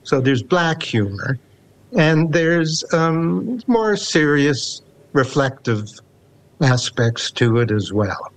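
A man's voice: on the high side, lively intonation, slow pace. A man in his seventies with a Canadian accent, a poet speaking in an interview in a reflective, wry way and reading his own verse. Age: 70s. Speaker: poet guest. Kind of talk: casual interview and poetry reading.

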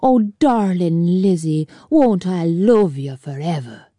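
A woman's voice: on the low side, lively intonation, slow, dark tone, no echo, clean studio sound. A woman voicing a teasing Irish male passenger with a mocking, sing-song manner.

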